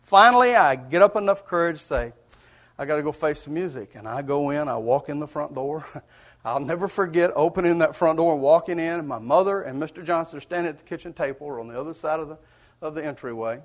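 A man preaches a sermon, easing into it with a folksy personal story. His voice sits high for a man, and his delivery is earnest and conversational, dotted with chuckles. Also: lively intonation, quick pace.

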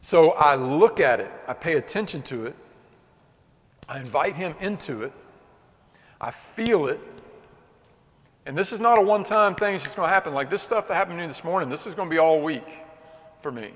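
A man's voice: fairly high pitch, animated, normal speed, pauses often. Passionate preacher man in an echoey hall. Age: adult. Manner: passionate, shifting from loud to hushed. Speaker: pastor. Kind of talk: sermon. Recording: long hall reverb.

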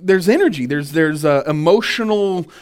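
A man, a minister, teaching a church workshop on boundaries, animated and full of restarts as he tells stories. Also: on the high side, moderate pace. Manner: animated storytelling with many restarts.

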